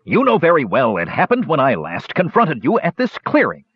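A man reading aloud, voicing a vengeful, arrogant male warrior who mocks and bellows threats, in a husky voice on a dull, dry recording. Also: a little high, huge pitch swings, moderate pace, no echo, pitched above the performer's own voice, exaggerated voice. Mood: bellowing.

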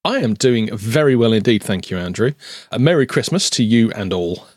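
A man with a fairly low voice co-hosting a chat podcast. He speaks politely and at an even pace, with a dry, close sound. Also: normal speed, husky, no room sound. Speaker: podcast co-host. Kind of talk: casual chat.

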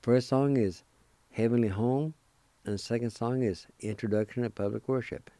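A man hosting a radio language lesson, spelling out letters one at a time and repeating each word slowly and deliberately. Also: mid-range voice, dark tone, dry recording. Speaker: radio language teacher and host.

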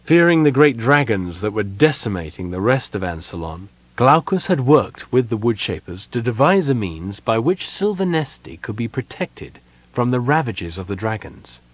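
A man reading fantasy fiction aloud as an audiobook narrator, measured and expressive. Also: medium pitch, dry recording.

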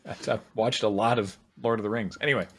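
A man co-hosting a casual group chat, reading out listener suggestions with frequent laughter and quick asides. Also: fairly low pitch, fairly even intonation, a bit bright, slightly rough. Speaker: podcast co-host.

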